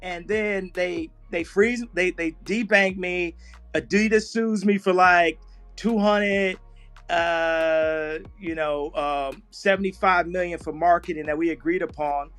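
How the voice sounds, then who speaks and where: A man's voice: high-pitched, fairly even intonation, unhurried, fairly bright tone, faint music behind. A man talking casually in a loose, rambling way on a phone, repeating himself and restarting. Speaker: invited guest in an audio chat room. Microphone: phone in a social audio app.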